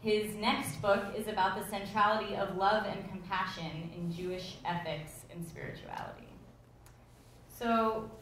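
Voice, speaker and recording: A woman's voice: medium pitch, fairly even intonation, a bit bright, a little hiss or hum. Woman moderator in a distant echoey hall. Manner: measured, reads introductions. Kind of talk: formal event introduction.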